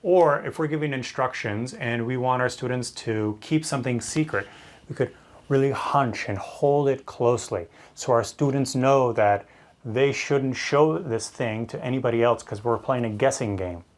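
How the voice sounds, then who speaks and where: A man with an ordinary middle-pitched voice talks through teaching tips in an instructional video. He explains clearly and in a friendly way, like a trainer addressing fellow teachers. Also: moderate pace.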